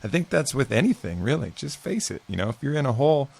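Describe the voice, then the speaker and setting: A man's voice: medium pitch, very animated, quick pace, creaky, a little mellow. A man as a podcast guest, talking casually and earnestly about facing fear, with some swearing. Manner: earnest, reflective, profane. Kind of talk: casual conversation.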